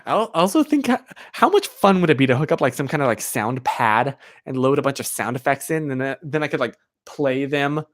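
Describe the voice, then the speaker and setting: A man's voice: mid-range voice, lively intonation, brisk, hardly any pauses. A man live-streaming from a chilly room, chatting casually and rambling with plenty of "like" fillers while answering his viewers. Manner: answers viewer chat directly. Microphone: streaming microphone.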